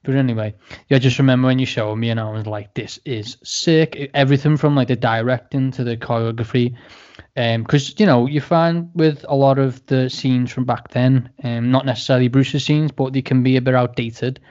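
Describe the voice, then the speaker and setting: A man co-hosting a casual podcast, joking and swearing in a relaxed way. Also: mid-range voice, a little fast. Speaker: podcast co-host. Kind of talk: casual chat. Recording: slightly dull, muffled audio.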